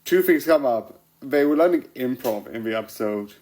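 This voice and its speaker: A man's voice: mid-range voice, expressive, moderate pace, a little mellow, low-quality recording. A man chatting loosely about a show, voice in an ordinary middle register. He laughs often, trails off and restarts sentences, the easy feel of a home vlog. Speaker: vlogger reviewing TV episodes. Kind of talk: casual rambling commentary.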